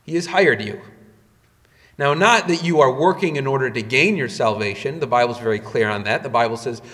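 Male pastor, mid-pitch, emphatic sermon delivery, echoing sanctuary. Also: expressive, fairly quick, a bit bright. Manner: emphatic preaching with sudden rises in pitch and volume.

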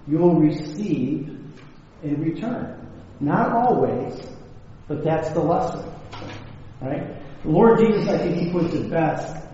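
A man's voice: on the high side, dark tone. A man preaching a sermon as a pastor, talking conversationally with filler words and light humor, recorded at a podium microphone in a church hall. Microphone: mounted microphone at a podium. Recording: echoey hall, dull lo-fi sound, faint noise.

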